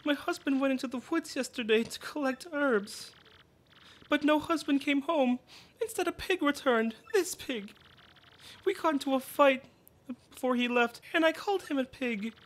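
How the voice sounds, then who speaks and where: A woman's voice: high voice, normal speed, voice pushed up, lightly acted. A woman voicing a flustered, tearful shopkeeper's wife as she reads game dialogue aloud. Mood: distressed. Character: flustered shopkeeper wife, husband turned pig.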